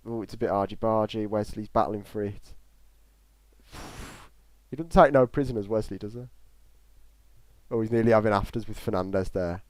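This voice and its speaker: This English man's voice sits on the low side, with no echo. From a small closed room, he talks nonstop into a desktop mic in front of a screen while streaming a football match, giving excitable commentary and reading live chat aloud.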